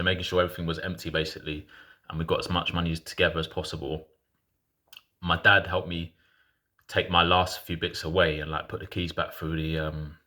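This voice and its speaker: A man's voice: deep voice, pushed and bright. A man in his thirties casually telling a personal story in frank, slangy talk full of restarts.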